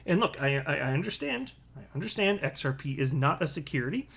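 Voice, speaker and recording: Animated, sarcastic male crypto commentator. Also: a little high, brisk, gravelly, slightly rough. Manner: sarcastic, animated, lots of asides. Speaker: crypto video host. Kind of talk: casual commentary reading tweets and articles.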